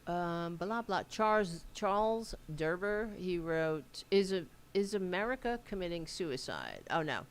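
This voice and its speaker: A woman's voice: lowish voice, sing-song, a little slow, few pauses. A woman hosting a casual livestream, rambling as she reads aloud and answers viewer comments, with a Staten Island accent. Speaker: host.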